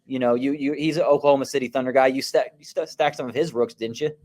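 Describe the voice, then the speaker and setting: A man's voice: mid-range voice, fairly even intonation, quick pace, a little mellow. A man co-hosting a casual podcast, joking with dry, teasing humor. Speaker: podcast co-host.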